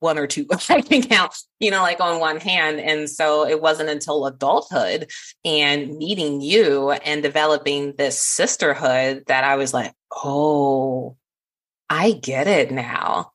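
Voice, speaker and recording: Woman podcast host, low voice, earnest and warm. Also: unhurried. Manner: earnest, warm-hearted, laughs often. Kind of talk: heartfelt conversation.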